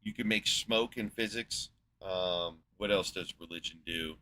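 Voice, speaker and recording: A man's voice: low-pitched, a little slow, pushed and bright, slight background noise. A man hosting a podcast in casual chat, rambling and sarcastic with a lot of swearing. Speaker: podcast host.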